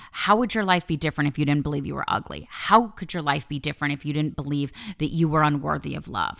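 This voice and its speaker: A woman's voice: low-pitched, gravelly, a bit bright. A woman life coach talking in a candid podcast monologue, swearing freely and telling her story with strong emphasis.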